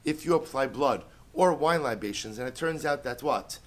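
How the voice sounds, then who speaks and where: A man's voice: medium pitch, expressive, normal speed. A middle-aged man teaching a Talmud class, explaining step by step, repeating key phrases and asking and answering his own questions, with Hebrew and Aramaic terms mixed in.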